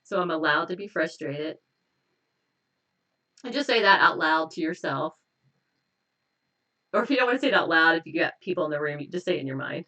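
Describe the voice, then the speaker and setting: A woman's voice: sits low, a little fast, pauses often, distant mic, muffled recording. Chatty woman guiding a tapping exercise. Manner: relaxed, chatty, laughs often, repeats affirmations. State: a little tired and stressed. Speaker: hypnotist leading a tapping exercise. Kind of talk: casual live stream, guided tapping.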